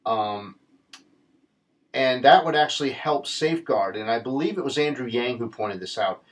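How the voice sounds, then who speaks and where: A man's voice: mid-range voice, animated, normal speed. A man giving a casual political commentary monologue, earnest and rambling, with many restarts.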